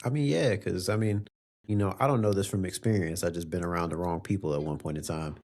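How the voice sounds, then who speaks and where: A young man co-hosting a podcast, telling an animated story with plenty of swearing and slang. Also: sits low, quick pace. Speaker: podcast co-host. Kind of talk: casual chat.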